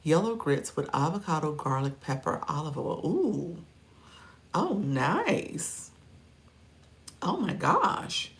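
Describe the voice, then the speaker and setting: A woman's voice: sits low, very animated, slow, pauses often. A middle-aged woman hosting a livestream, chatting playfully with viewers and laughing often between remarks. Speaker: livestream host and coach. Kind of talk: casual livestream chat, reacting to viewer comments.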